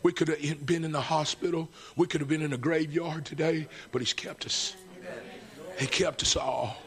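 A middle-aged man preaching a fervent sermon, swinging from shouts to hushed, tender passages. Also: fairly high pitch, fairly even intonation, moderate pace.

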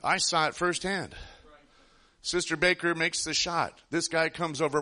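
A man's voice: a little high, steady tone, a little slow, sharp tone. A man preaching a sermon, telling a personal story in an earnest, rambling way with frequent restarts.

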